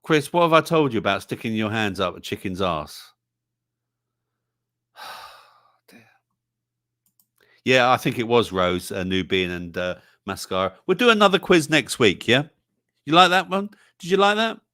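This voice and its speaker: A man's voice: medium pitch, animated, measured pace, pauses often, bright, forceful tone, no room sound, clean studio sound. A man hosting a livestream song quiz in a jokey, casual way, reading out the chat's answers. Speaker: livestream show host.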